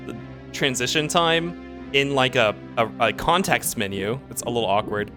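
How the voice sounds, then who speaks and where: A man casually commenting on his own gameplay as a streamer, excitable and talking to himself as he plays. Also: medium pitch, normal speed, over music. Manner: excitable, talks to himself while playing.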